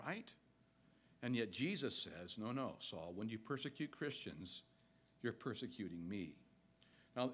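A middle-aged male pastor preaching a sermon, animated and storytelling, swinging between loud and soft. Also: fairly high pitch.

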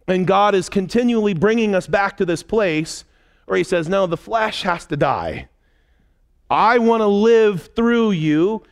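A man with a high, smooth voice teaches from scripture. His delivery is conversational, with wry asides and light laughter, and his resonant tone carries clearly. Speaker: pastor. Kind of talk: expository Bible teaching.

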